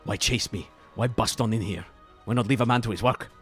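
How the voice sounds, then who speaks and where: A man's voice: low voice, quick pace, creaky, a bit bright, soft background music. A man voicing a desperate, paranoid male scientist who wants to flee. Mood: defensive.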